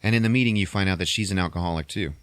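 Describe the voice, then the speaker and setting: Talk low and loose, a profane podcast host recapping a movie to a friend, in a dry, close room. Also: male voice, rapid-fire, fairly bright tone, clean tone, no room sound. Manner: profane, laughing storyteller. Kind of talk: crude comedic movie recap.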